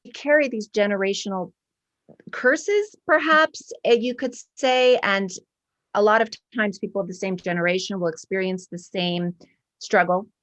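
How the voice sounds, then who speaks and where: A woman's voice: mid-range voice, normal speed, fairly bright tone. A woman in her forties, a guest artist, talking in an earnest, rambling way with many restarts. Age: 40s. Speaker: guest artist and art professor. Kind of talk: spiritual casual interview.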